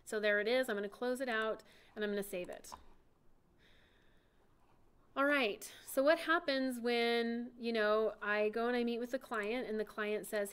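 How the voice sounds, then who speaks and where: A woman giving a chatty software lesson, talking through each click and keystroke as she demonstrates. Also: on the high side, normal speed, smooth. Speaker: CAD instructor.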